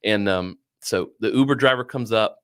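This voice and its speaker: Low-voiced man telling a wild story. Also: normal speed, clean tone. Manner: animated, swearing, acts out quoted voices. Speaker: podcast guest. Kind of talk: casual storytelling.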